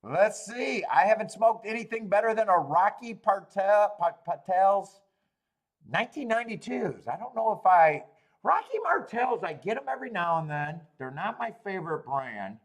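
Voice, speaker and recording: Casual male stream host, 30s, fairly high, lively pitch, profane and rambling. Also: moderate pace. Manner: swears freely, rambling, laughs often. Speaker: host of a live streaming show. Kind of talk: casual chat reading live chat.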